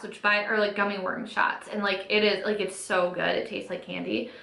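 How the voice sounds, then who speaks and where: A woman's voice: medium pitch, fairly even intonation, moderate pace, gravelly, hardly any pauses, bright, forceful tone. A woman in her twenties telling a casual storytime while doing her makeup, chatty, says "like" constantly and acts out quotes. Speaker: beauty vlogger. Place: home room, sitting at a makeup setup. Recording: echoey room.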